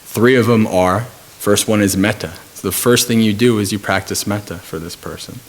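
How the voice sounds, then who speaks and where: A man who is a Buddhist monk giving a dharma talk at a retreat. He talks in a calm, measured way and tells stories with frequent pauses and fillers. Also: on the low side.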